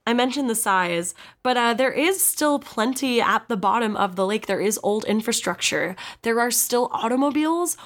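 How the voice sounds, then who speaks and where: A woman's voice: on the high side, animated, normal speed, few pauses. Woman, casual podcast co-host; tired, rambling, giggles often. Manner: giggly, rambling, many fillers. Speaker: podcast co-host presenting research. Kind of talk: casual chat.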